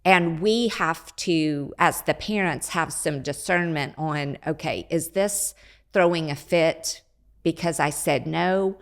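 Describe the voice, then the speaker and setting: An older woman with a low voice, a grandmother and parenting expert, offers calm, measured advice during a casual podcast conversation.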